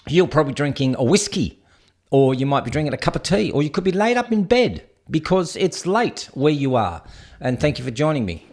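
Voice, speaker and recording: An Australian man hosting a casual livestream, talking in a blunt, crude, rambling way with lots of fillers. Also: medium pitch. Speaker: streamer host.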